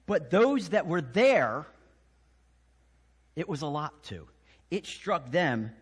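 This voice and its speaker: A man preaching a sermon as pastor, telling the story with lively acted voices and sudden hushed drops. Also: fairly high pitch, husky, long reverb tail. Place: church sanctuary.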